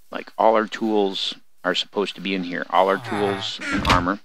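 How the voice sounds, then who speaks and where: A man's voice: sits low, fairly even intonation, moderate pace, crowd noise. An older man hosting a let's play, giving rambling, folksy gameplay commentary and chatting to his in-game animals. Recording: noisy home recording with mouse clicks.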